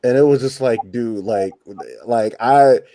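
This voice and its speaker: A man in a casual entertainment chat who rambles excitedly and uses a lot of fillers. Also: medium pitch, measured pace, dry recording.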